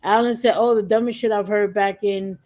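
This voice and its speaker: A woman's voice: mid-range voice, steady tone, brisk, a little mellow. A woman streamer in casual chat, laughing often and swearing casually as she reacts with a co-host.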